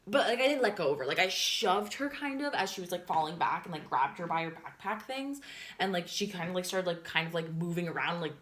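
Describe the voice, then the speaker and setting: A young woman tells a story to camera in a loose, rambling chat, piling on fillers and the odd swear word. Her voice sits a touch lower than most women's. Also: animated, fairly quick, a bit bright. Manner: chatty, filler-heavy with constant "like", swears and laughs. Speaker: vlogger.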